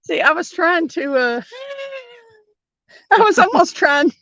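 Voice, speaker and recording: A woman's voice: extremely high pitch, animated, slow, fairly bright tone, dry recording. A woman hosting a fishing livestream from a boat, chatting casually, giggling often and reading viewer comments aloud. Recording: dull muffled audio.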